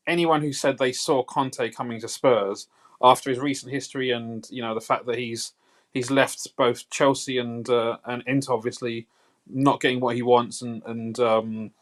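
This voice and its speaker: A man's voice: medium pitch, fairly bright tone. Guy calling into a live stream, lots of ums, thinks it through. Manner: thoughtful, many fillers. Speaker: caller. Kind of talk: casual call-in chat.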